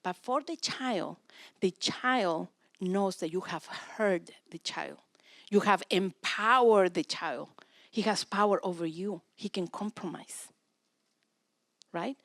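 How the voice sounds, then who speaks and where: A middle-aged woman whose first language is Russian gives a church teaching talk on parenting, acting out children's complaints in lively storytelling. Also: medium pitch, slow pace, dry recording, studio quality.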